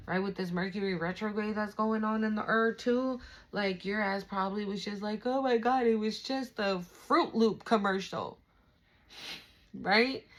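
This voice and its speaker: A young woman talks straight to her viewers through a spiritual card reading. Her tone is loose and chatty, full of fillers, reassurance and casual swearing, and her voice sits at an everyday middle pitch. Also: poor audio. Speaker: tarot reader.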